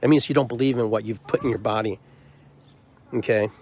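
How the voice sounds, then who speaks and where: A man's voice: fairly low pitch, steady tone, brisk, a little mellow, a little hiss or hum. A man hosting his own podcast, delivering a heated, frustrated monologue full of repeated rhetorical questions. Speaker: podcast host and drum circle leader.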